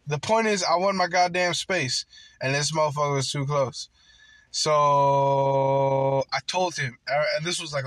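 A man's voice: fairly high pitch, fairly bright tone, no echo. A man telling a casual story in a rambling way, full of swearing and fillers like "like". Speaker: worker on a night job.

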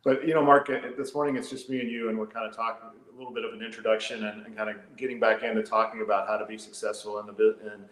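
A man's voice: fairly low pitch, level tone, very fast, hardly any pauses, a bit bright. A man co-hosting a live business show, giving advice in an earnest, casual way, often repeating words and trailing off. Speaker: co-host and business consultant. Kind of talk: casual conversational talk. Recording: echoey room sound.

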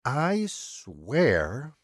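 A man voicing a calm, polite killer in an audiobook, speaking in a precise, mannered and coolly threatening way. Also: mid-range voice, extremely slow, no room sound, clean studio sound, pitched above the performer's own voice, heavily acted. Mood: menacing. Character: calm, menacing male killer, polite and unhinged.

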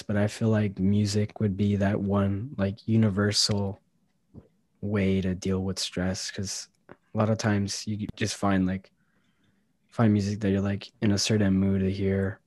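Earnest low-voiced man on a podcast. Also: a little mellow, dry recording, studio quality. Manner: reflective, earnest, many fillers. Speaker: podcast co-host. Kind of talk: casual advice chat.

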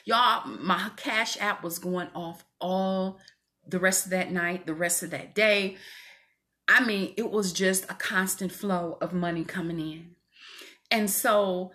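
A woman's voice: mid-range voice, slow, pushed and bright. A woman minister giving a fervent, preacherly faith testimony to women viewers from her home. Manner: fervent, preacherly, calls listeners "y'all".

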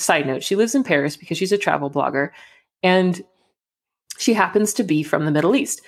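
A young woman in casual chat, telling a story in an animated way and acting out the dialogue. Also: on the low side, brisk, gravelly, husky.

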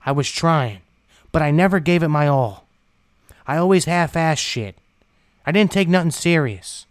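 A man tells his own recovery story bluntly and without polish, letting a few swear words slip as he goes. His slightly high voice is smooth and clear, spoken at a normal speed. The recording is dry and close, with no room sound at all.

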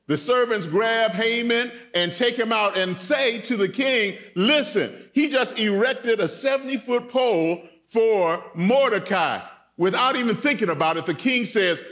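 A man preaching a sermon as a guest preacher in a church, retelling a story in a playful, animated way and calling out to the congregation. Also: high voice. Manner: animated, playful retelling with voiced characters and audience call-outs.

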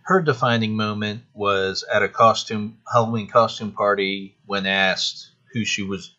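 A man's voice: fairly low pitch, fairly even intonation, a little slow, few pauses, sharp tone, dull audio. A man hosting a casual solo podcast, chatty and rambling with a self-deprecating touch. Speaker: podcast host.

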